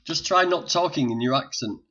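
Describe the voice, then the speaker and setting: A man's voice: a little high, fairly quick, pushed and bright. An older man with a Northern English accent hosting a casual live stream, chatting and joking with viewers while sorting out technical problems. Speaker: livestream host. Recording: dull lo-fi stream audio.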